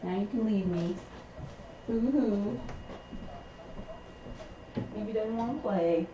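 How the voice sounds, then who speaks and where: A woman's voice: mid-range voice, slow, reverberant. A woman talking in sing-song baby talk to her pet bird on a live stream. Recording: dull lo-fi with steady noise.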